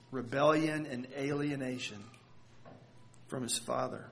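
A man preaching a sermon, telling a story earnestly, often repeating words and pausing for effect. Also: mid-range voice, gravelly. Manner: earnest, halting with repeated words and dramatic pauses. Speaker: pastor.

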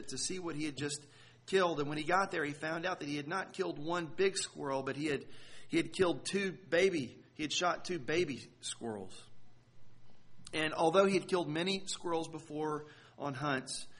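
A man preaching a sermon, telling a story earnestly, often repeating words and pausing for effect. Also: on the high side, a bit bright. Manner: earnest, halting with repeated words and dramatic pauses. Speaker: pastor.

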